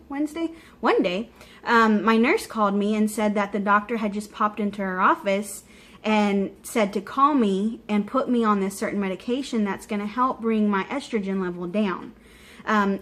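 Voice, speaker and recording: A woman recording a personal video diary update, talking openly and warmly straight to her viewers in a chatty, heartfelt way. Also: fairly high pitch. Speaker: vlogger.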